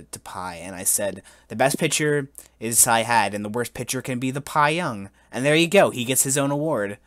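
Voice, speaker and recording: A young man in his twenties hosting a casual podcast, telling a mock-solemn story in a halting way, full of restarts and giggles. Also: mid-range voice, a bit bright, no echo. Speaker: podcast host.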